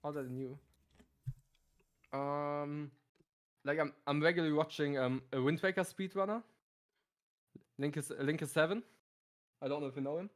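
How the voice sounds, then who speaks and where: A hesitant guest, a man whose voice sits fairly high. He stammers and restarts in casual chat. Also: steady tone, moderate pace, long pauses. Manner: hesitant, self-conscious, stammers.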